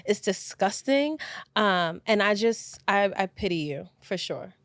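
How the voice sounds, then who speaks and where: A young woman co-hosting a casual podcast chat, blunt and animated, laughing often and cursing freely. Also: medium pitch, unhurried, dry recording. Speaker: podcast co-host.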